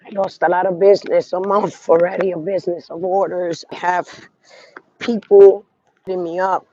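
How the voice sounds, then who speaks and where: A man's voice: high voice, level tone, moderate pace, darkish tone, dull audio. A congested man rambling casually to viewers on a live stream while walking outdoors on a city street, talking into a phone. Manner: rambling, talks to viewers, trails off. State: congested from sinus trouble.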